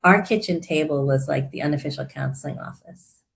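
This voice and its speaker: A woman in her sixties, a therapist and coach, chatting as a guest and telling her story with animated warmth and frequent laughter. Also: low-pitched, a little fast, creaky, slight background noise. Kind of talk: casual conversational interview.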